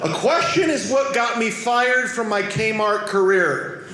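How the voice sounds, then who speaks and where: A man's voice: high-pitched, slow, sharp tone. A man doing a stand-up comedy set on a club stage, telling punchy, self-deprecating stories. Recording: echoey club with audience noise.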